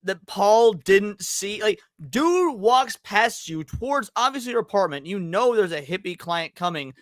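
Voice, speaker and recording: A man's voice: sits high, expressive, a little slow, a bit bright, dry recording. A man co-hosting a movie review podcast who makes sarcastic jabs and acts out scenes. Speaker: podcast co-host. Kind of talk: casual chat.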